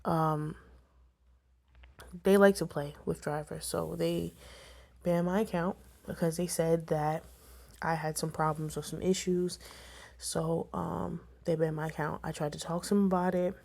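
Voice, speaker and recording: A woman's voice: deep voice, level tone, unhurried, creaky, a little mellow. A young woman telling a personal story to camera, emotional and tearful at times, with many fillers. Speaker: vlogger.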